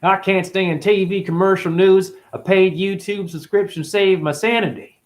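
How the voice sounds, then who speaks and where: Brief: man putting on a bright, accented testimonial voice, high and loud. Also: steady tone, moderate pace, natural voice. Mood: chirpy.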